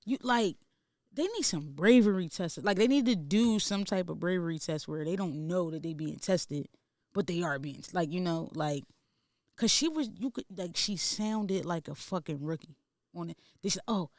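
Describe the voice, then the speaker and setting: A man's voice: high-pitched, expressive, normal speed, no room sound, clean studio sound. A man co-hosting a podcast in casual chat, talking in a heated, profane, emphatic way. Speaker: podcast co-host.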